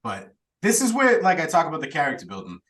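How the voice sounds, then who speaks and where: A man's voice: fairly high pitch, huge pitch swings, fast talker, fairly bright tone, recorded from a distance, poor audio. A man hosting a podcast, chatty and laughing now and then as he recaps a plot. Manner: chatty, laughs while telling the story. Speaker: podcast host recapping a film.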